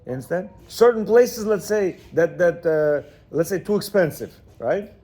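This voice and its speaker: A man's voice: high voice, moderate pace. A man giving an informal, emphatic lecture on marriage to a class of men, repeating himself and often checking that they understand. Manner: repetitive, keeps asking "you understand?"; emphatic, lively, acts out quotes.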